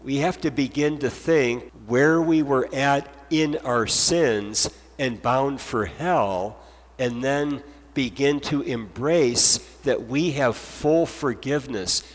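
A man's voice: mid-range voice, slow pace, long reverb tail. A man preaching a sermon as pastor, earnest and emphatic, driving points home with repetition.

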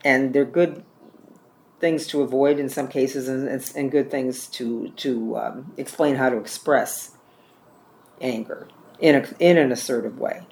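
A man's voice: mid-range voice, steady tone, unhurried, darkish tone. A man leading a church care-ministry training class, teaching in a plain-spoken way and often repeating or correcting himself.

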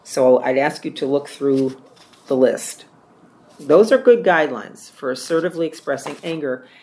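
A man's voice: a little high, normal speed, darkish tone. A man leading a church care-ministry training class, teaching in a plain-spoken way and often repeating or correcting himself.

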